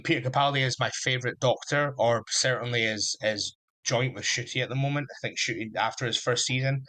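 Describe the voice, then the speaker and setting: A young man hosting his own podcast alone, chatting casually. His voice sits at an ordinary middle pitch, and he rambles along with an eager fan's enthusiasm. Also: pushed and bright. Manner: enthusiastic, rambling fan talk. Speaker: podcast host. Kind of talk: casual solo podcast chat.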